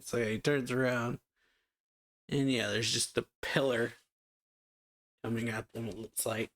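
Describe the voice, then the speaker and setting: A man's voice: mid-range voice, fairly even intonation, a little slow, long pauses, fairly bright tone. Man casually recapping a comic chapter. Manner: loose, rambling retelling with many fillers; reads character lines aloud in a lightly raised voice. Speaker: manga reaction channel host.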